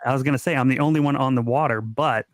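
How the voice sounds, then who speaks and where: Man co-host, steady and fluent, dry close sound. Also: mid-range voice, fast, no room sound. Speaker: podcast host. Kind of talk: casual chat.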